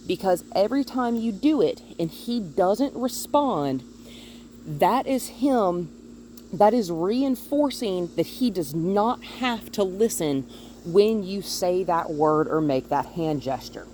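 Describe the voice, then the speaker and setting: A woman dog trainer filming outdoors on a phone held in one hand, calmly explaining her methods and now and then talking to the dog in a high sing-song voice. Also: slow, slight background noise. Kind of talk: instructional dog-training video. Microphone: phone held in one hand while filming.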